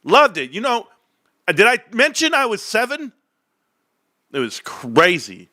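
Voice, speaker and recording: A man's voice: high-pitched, huge pitch swings, a little slow, bright, forceful tone, no room sound, clean studio sound. A man in his forties rambling and joking to his viewers in a casual rant. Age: 40s. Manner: rambling, joking, tangent-prone. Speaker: stock market vlogger.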